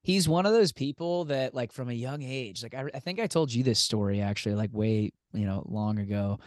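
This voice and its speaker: A man's voice: medium pitch, a little fast, dry recording. Singer guy on a podcast, says like every other word, dry close sound. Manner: animated, says "like" constantly. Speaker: guest musician. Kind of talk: casual storytelling.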